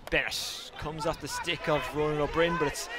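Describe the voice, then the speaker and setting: A high-ish, flat-sounding Irish commentator, a bit breathless, gives quick hurling play-by-play from an outdoor ground. Crowd noise fills the stadium feed, and he drops in asides that poke fun at himself.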